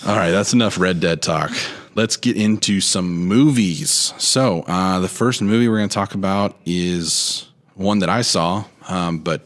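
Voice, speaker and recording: A man co-hosting a podcast in casual chat, laid-back and quick to laugh, with frequent restarts. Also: low voice, a bit bright. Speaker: podcast co-host.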